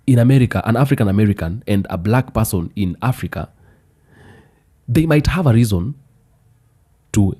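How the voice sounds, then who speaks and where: A man delivering a commentary monologue, building slowly through repeated rhetorical questions. His voice sits low and sounds dark and mellow, with a husky edge. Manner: deliberate, repetitive rhetorical questions.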